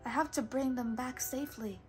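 A kind, brave young princess from a storybook, gentle and caring, as a woman reading aloud gives her lines. Her voice sits fairly high and sounds warm with concern. It is a plain read-aloud delivery, not a showy performance. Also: fairly even intonation, fairly quick, soft background music, natural voice.

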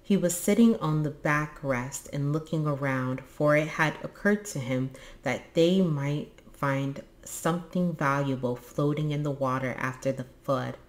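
A woman reading a children's book aloud in an expressive, lively way. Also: low voice, unhurried, few pauses. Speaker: storybook reader.

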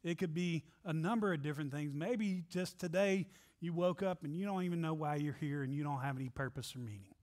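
A man's voice: a little high, a little fast, darkish tone. A man pastor preaching an Easter sermon in a church, earnest and pressing his listeners with repeated rhetorical questions. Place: church sanctuary.

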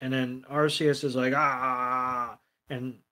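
Man, podcast co-host, sardonic, swears, casual chat, mid pitch. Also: fairly even intonation, normal speed.

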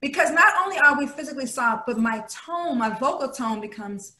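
A woman in casual chat, telling stories in an animated, expressive way, recorded in an echoey room. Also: sits high, fairly quick, slight background noise.

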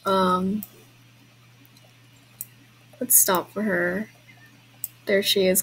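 Over poor audio, a game vlogger leads a horse-riding trail ride online, speaking to viewers and apologizing with little giggles as she plays. Her medium-pitched voice is flat and fairly bright with a breathy edge, and she draws out her words.

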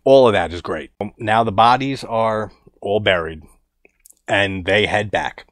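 A man's voice: on the low side, measured pace, fairly bright tone, no echo. A man casually reviewing a horror movie, laid-back and chuckling as he recounts scenes.

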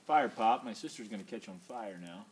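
A man's voice: lowish voice, expressive, a little fast, heavy background noise. A tired man hosting a casual vlog outdoors by a fire at night. He jokes and rambles as he talks. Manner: joking, rambling. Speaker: vlogger host.

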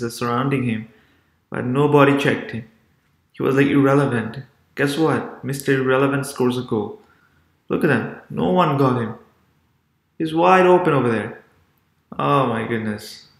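A man giving excited casual reaction commentary as a sports vlogger, exclaiming often. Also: mid-range voice, echoey room.

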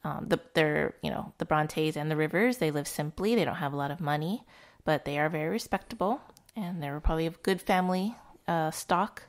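Woman cohost chatting about a classic novel, low voice with lots of fry, thoughtful, laughs a lot. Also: fairly quick. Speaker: podcast co-host. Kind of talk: casual book-club chat.

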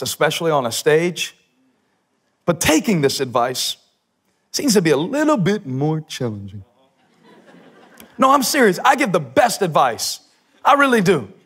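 Male pastor, high swooping voice, sermon delivery, bursts of shouted emphasis, playful asides. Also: breathy edge. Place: church stage.

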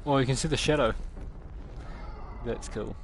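A man streaming a game live, swearing often and yelping and shouting at what happens on screen. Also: medium pitch, fairly even intonation, normal speed, background noise. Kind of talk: live gameplay commentary. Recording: loud game sound behind the voice. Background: loud video game audio.

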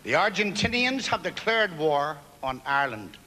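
A male stand-up comedian rattling off one-liners with pauses for punchlines, performing on a large theatre stage. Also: a little high, big pitch swings, bright, forceful tone. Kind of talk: stage stand-up at a variety gala. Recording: archive theatre recording with long hall echo and hiss.

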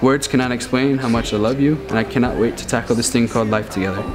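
A man's voice: medium pitch, steady tone, fast. A young man in his twenties, a groom, reading a love letter and his wedding vows in a tender, earnest way. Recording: with music playing over it.

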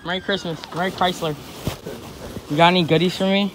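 A man's voice: sits high, fairly even intonation, rapid-fire. A teenage boy vlogging a prank, talking in a joking, slangy, trolling way. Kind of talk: prank vlog. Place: outdoors on a residential street. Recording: outdoor street noise.

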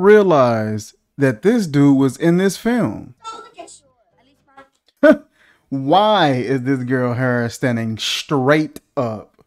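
A man's voice: mid-range voice, lively intonation, extremely slow, pauses often, a little mellow. A man hosting a casual movie reaction, joking and incredulous, asking one rhetorical question after another.

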